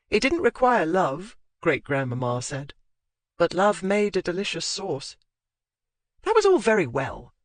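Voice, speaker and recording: An audiobook narrator reading a historical romance in an expressive, lilting way. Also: medium pitch, no room sound. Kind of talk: scripted narration.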